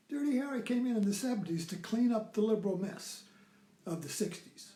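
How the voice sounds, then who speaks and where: A man's voice: high-pitched, expressive, fairly quick, dark tone, echoey room. A man giving a rambling, informal lecture who keeps repeating "you see.".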